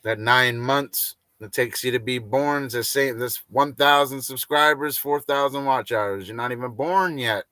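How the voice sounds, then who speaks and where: A man's voice: medium pitch, unhurried, hardly any pauses, sharp tone, no echo, studio quality. Rambling, joking man on a livestream. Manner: rambling, crude jokes, frequent laughter. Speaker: livestream host. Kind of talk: casual livestream rant.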